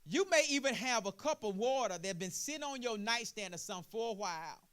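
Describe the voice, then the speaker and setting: Fast, smooth, and high, with lively intonation, a male preacher's voice moves from quiet explaining to loud preaching. He uses a call-and-response style, asking "what?" and then answering it himself.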